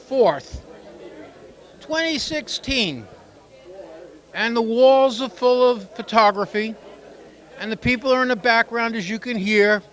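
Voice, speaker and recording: A man with a high voice hosts a local TV segment on location at a busy exhibition opening. He talks in a chatty, joking way, wanders into asides, and speaks into a handheld mic. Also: a bit bright. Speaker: local TV show host. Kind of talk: casual on-location interview.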